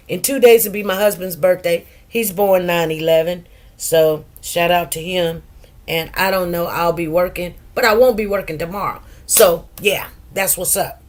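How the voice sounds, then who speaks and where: A middle-aged woman chatting casually on a livestream, greeting viewers by name and stretching out some words. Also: on the high side. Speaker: livestream host.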